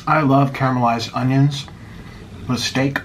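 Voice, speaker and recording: A man's voice: mid-range voice, steady tone, a little slow, a little hiss or hum. An American man chatting casually while eating on camera, swinging into dramatic mock outrage and a little out of breath. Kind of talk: casual mukbang vlog chat.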